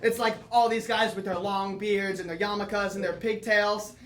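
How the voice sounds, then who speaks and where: A teenage boy performing a solo comedy monologue, telling lively comic stories with asides to the audience. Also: sits high, normal speed, echoey room. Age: teens. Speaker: student performer. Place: theatre or classroom with audience.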